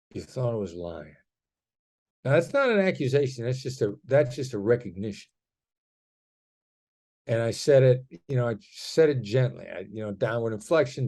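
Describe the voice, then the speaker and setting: Man, middle-aged, mellow warm voice, podcast guest, conversational, demonstrative. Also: medium pitch. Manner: demonstrative, acts out tone shifts in examples. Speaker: guest, negotiation expert.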